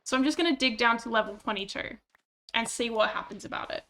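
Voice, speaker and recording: A woman's voice: a little high, fast talker, bright, forceful tone. A woman streaming a game, chatting casually and mocking herself, swearing when annoyed. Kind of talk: casual gameplay chat.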